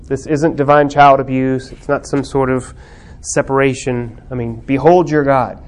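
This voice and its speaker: A man teaching a Bible class on theology and religious art. He speaks reflectively with many pauses and fillers, then builds to fervent emphasis. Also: mid-range voice, flat delivery.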